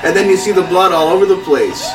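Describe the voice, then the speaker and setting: A man's voice: high-pitched, lively intonation, fast, distant mic, over loud music, poor audio. A man co-hosting a casual movie chat, retelling scenes with lots of profanity. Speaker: podcast co-host.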